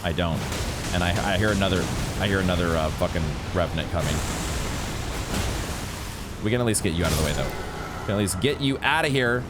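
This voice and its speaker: A man giving excitable, swear-laden commentary while playing a video game. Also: low voice, a little fast, pauses often, heavy background noise. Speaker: gaming channel host. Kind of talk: live gameplay commentary.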